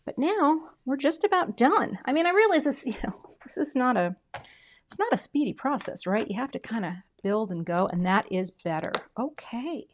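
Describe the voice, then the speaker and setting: A middle-aged woman talks through a crafting demo in a casual, chatty way, poking fun at herself. She often trails off into quiet murmurs while she works. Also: a little high, expressive, moderate pace. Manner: chatty, self-deprecating, drops to soft murmurs while working. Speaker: craft video host.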